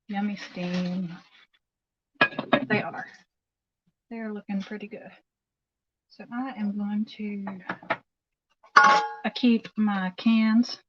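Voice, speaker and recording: A woman's voice: mid-range voice, dull audio, a little hiss or hum. A middle-aged woman chatting casually as she cooks in her home kitchen, rambling and answering viewer comments on her phone livestream. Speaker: livestream host. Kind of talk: casual chat while cooking.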